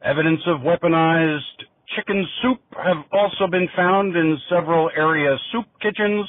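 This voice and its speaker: A man reading a parody news report in a deadpan newsreader delivery over a phone line. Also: on the high side. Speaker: comic newscaster.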